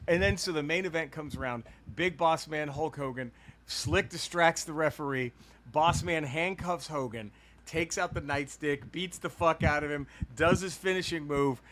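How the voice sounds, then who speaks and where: A man's voice: on the high side, moderate pace. A man and podcast co-host telling a long, profane childhood story in casual chat, laughing as he goes. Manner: animated, profane, laughs through stories.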